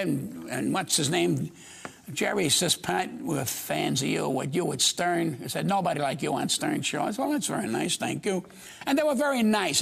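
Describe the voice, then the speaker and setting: A man's voice: high voice, vocal fry, fairly bright tone. An older man, a comedian guest telling brash stories on a talk show and acting out the other people's voices. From United States.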